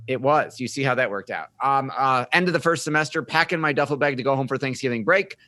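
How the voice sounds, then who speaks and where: A man's voice: medium pitch, fast talker, bright, forceful tone, no room sound. A middle-aged man, a podcast guest, telling his life story in an upbeat, joking interview style. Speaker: podcast guest, marketing firm founder.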